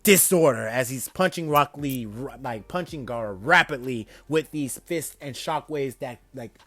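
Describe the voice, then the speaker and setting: A man casually narrating a fan-made story, excitable and often stumbling and correcting himself mid-sentence. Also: mid-range voice, a little slow.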